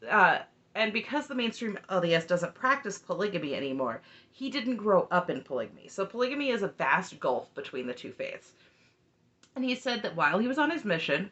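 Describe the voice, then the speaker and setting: A woman's voice: fairly low pitch, fairly bright tone. A woman casually recapping a reality show, chatty and opinionated, often tossing in "just saying.". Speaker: recap vlogger.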